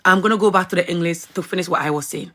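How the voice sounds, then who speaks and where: A woman's voice: on the low side, very fast. Ranting woman on social video. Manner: forceful, repetitive, emphatic. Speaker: motivational speaker and comedian. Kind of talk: impassioned social media rant.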